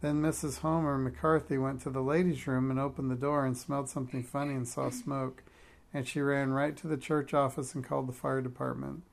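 Wry storyteller reading aloud, gravelly male voice. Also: mid-range voice, level tone, a little fast.

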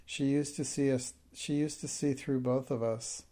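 A man's voice: medium pitch, steady tone, normal speed, warm tone, lightly acted. A man voicing a timid, tearful schoolmistress. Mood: tearful, hysterical. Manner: pleading, breaking into hysterical outbursts. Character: timid middle-aged schoolmistress, tearful and hysterical.

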